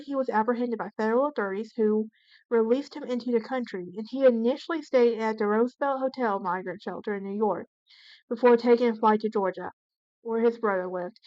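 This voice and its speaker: A woman with a fairly high voice narrates a true crime case as the channel's host. She reads from notes, stumbling and correcting herself often. The sound is dull and lo-fi, recorded dry with no room echo. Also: a little mellow. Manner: reads from notes with frequent restarts and self-corrections.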